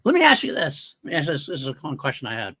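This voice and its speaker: Gravelly, lively man on a podcast. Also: fairly high pitch, dry recording. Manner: enthusiastic, quick to agree. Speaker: podcast co-host. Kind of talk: casual movie chat.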